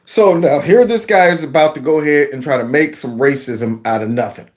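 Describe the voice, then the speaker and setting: A man's voice: fairly high pitch, fairly quick. A man hosting his own commentary channel, mocking a clip with sarcasm and mimicry. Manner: sarcastic, mimics voices, breaks into song.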